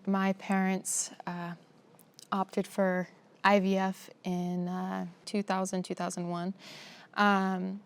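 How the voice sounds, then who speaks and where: A young woman speaks as a guest in a sit-down conversation. Her voice carries a gravelly fry and stays fairly level in pitch, and she talks in an emotional, halting way full of fillers. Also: completely flat delivery. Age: young adult. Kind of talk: personal testimony in a sit-down conversation.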